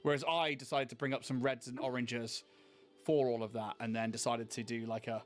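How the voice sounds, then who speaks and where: A man's voice: mid-range voice, steady tone, a little fast. A man co-hosting, chatting casually and rambling with enthusiasm while painting miniatures. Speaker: co-host.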